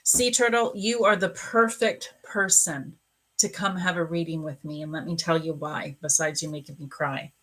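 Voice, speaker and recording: A woman psychic medium reads cards on a live stream, talking straight to one viewer. Her tone is bright and clear, and she gushes with open feeling. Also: deep voice, steady tone, moderate pace. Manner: gushing, emotional, warm-hearted talk. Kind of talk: live-stream card reading.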